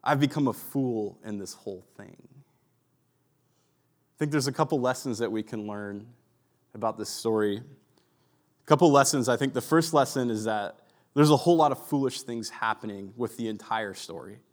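A male pastor gives a sermon in an easygoing, conversational voice. He sprinkles his telling with asides and casual fillers, and his pitch sits at an ordinary middle for a man. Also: moderate pace. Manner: conversational storytelling with many likes and asides.

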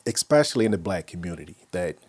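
A man hosting a podcast in casual chat, telling animated, profane stories and opinions. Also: sits low, fast talker, husky. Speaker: podcast host.

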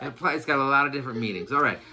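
A man's voice: medium pitch, rapid-fire, sharp tone. A man in his thirties co-hosting a podcast, chatting casually with profane, joking rants about his kids. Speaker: podcast co-host. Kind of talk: casual chat.

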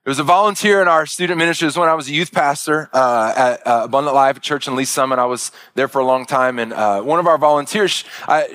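Animated pastor telling a story. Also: male voice, on the high side, no room sound. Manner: animated, halting storyteller with many restarts. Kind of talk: storytelling sermon.

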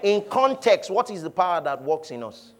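A man preaching a sermon, shouting one moment and dropping low the next, leading his congregation to repeat phrases. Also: very animated, normal speed. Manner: preaching with swings from shouting to quiet, leading call-and-response. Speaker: pastor.

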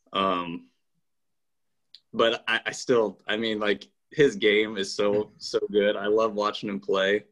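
Hesitant low-voiced man weighing in. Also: a bit bright. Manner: measured, hesitant, lots of ums and restarts. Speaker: podcast co-host. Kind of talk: casual sports podcast banter.

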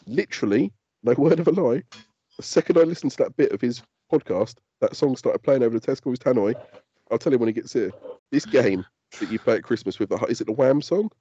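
A man's voice: mid-range voice, brisk, breathy edge, no echo, lo-fi sound. A man, co-hosting a podcast in casual chat and telling stories with lots of swearing. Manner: sweary, animated storytelling. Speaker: podcast co-host.

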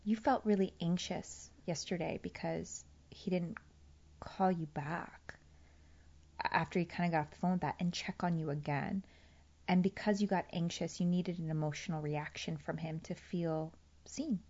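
Expressive woman telling a personal story. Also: on the low side, moderate pace, highs cut off. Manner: expressive, acts out both sides of conversations.

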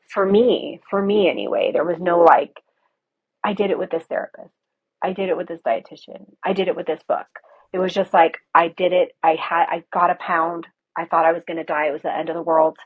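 Husky woman on a tinny call line. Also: lowish voice, steady tone, moderate pace. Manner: blunt, swears casually, reenacts own past words. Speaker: guest sharing recovery story. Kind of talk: candid conversational storytelling.

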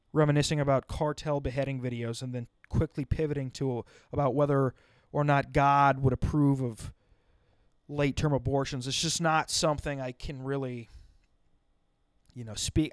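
Smooth-voiced man telling a rambling story. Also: mid-range voice, no room sound. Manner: rambling, self-interrupting, wry. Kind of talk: comedic storytelling monologue.

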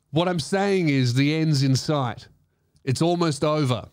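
A man's voice: a little high, animated, measured pace, a little mellow, no room sound, studio quality. An Australian man hosting a comedy podcast, telling stories casually, swearing often and laughing through them. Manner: profane, laughing through his own stories.

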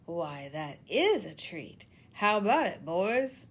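A woman voicing a sly, hungry male crocodile with a low, slow, drawling voice that turns whispery at times. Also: very animated, breathy edge, exaggerated voice. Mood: delighted.

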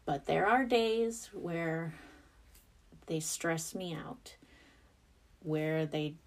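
Woman in her thirties, podcast host, casual monologue, fairly low voice, expressive and self-deprecating. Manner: chatty and expressive, devout, self-deprecating asides.

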